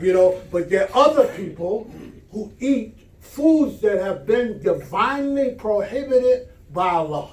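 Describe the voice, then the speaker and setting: A man's voice: sits high, lively intonation, measured pace, darkish tone. A man giving a Friday sermon as an imam, telling a story in a conversational, folksy way, recorded in a mosque prayer hall. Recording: echoey hall, mic at a distance.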